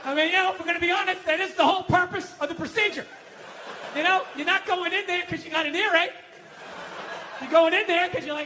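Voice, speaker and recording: A man doing a stand-up comedy set, profane and ranting, often yelling his punchlines. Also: very high voice, fairly even intonation, fast, slight background noise. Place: stage before a live audience.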